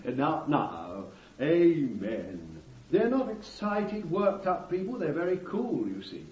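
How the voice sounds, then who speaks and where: Slow, mellow-voiced man preaching a sermon. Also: fairly high pitch, very animated, a little hiss or hum. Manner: fervent preaching, addresses listeners as beloved, interjects amen and hallelujah. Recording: dull distant recording in a roomy hall.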